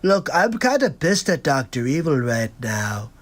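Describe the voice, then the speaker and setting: A man's voice: fairly high pitch, sing-song, unhurried, pitched below the performer's own voice. A man doing a comedy impression of a grandiose middle-aged male villain, barking pompous orders and muttering flustered asides. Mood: scheming.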